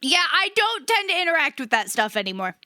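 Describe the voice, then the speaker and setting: A woman's voice: high voice, big pitch swings, brisk, sharp tone, no room sound, studio quality. A woman streaming live, chatting casually with her viewers, laughing often and swearing freely.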